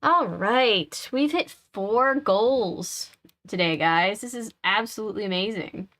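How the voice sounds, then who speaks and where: A woman's voice: mid-range voice, takes it slowly, a bit bright. A woman hosting a live game stream, chatting casually, laughing often and answering her chat aloud.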